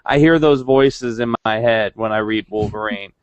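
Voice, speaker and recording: A man's voice: on the low side, moderate pace, clean tone, dry recording, lo-fi sound. A young man co-hosting a casual podcast, rambling with many restarts. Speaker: podcast co-host. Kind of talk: casual chat.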